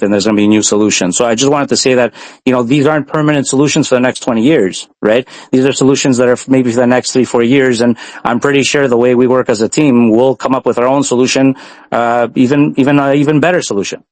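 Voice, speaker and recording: A man's voice: medium pitch, dry recording. A man from Montreal, a guest on a live stream interview, explaining his company earnestly at length with frequent fillers. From Canada, Montreal.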